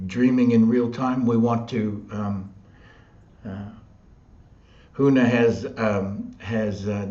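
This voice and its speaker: A man hosting a live online chat, upbeat and quick to laugh. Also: medium pitch, dark tone, reverberant, dull audio. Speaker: host.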